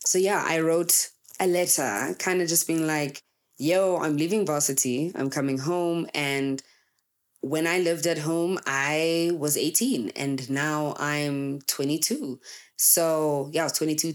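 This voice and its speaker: A woman in her twenties, a content creator, talking candidly and emphatically to her audience in casual chat. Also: low-pitched. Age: 20s. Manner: candid and emphatic, acts out quoted people.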